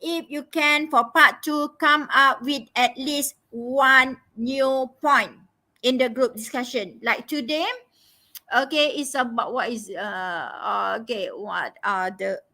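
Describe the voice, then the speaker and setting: A woman's voice: fairly high pitch, bright, forceful tone. A woman tutoring a live online lesson, emphatic and instructive, repeating key phrases and checking in with "okay?". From Malaysia. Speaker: English tutor.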